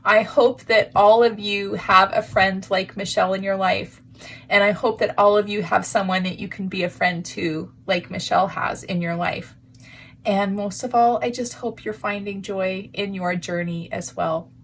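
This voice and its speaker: A woman's voice: mid-range voice, fairly even intonation, moderate pace, fairly bright tone. Gushing, emotional woman crafter. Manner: gushing, sentimental, breathy asides. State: emotional, near tears. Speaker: crafting channel host. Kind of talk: casual vlog, showing gifts to camera.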